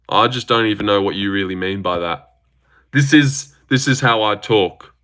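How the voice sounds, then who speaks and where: A young man with an Australian accent chats through a livestream, reacting to viewer comments in a brash, animated way. His voice is bright and sharp, and he swears freely as his pitch leaps up and down. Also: moderate pace, smooth. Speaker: livestream host. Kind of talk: casual livestream chat, reading viewer comments.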